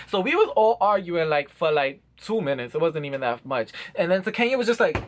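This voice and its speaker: A young man telling an animated, slang-filled story for his vlog. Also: high voice, fast talker, few pauses. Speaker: vlogger.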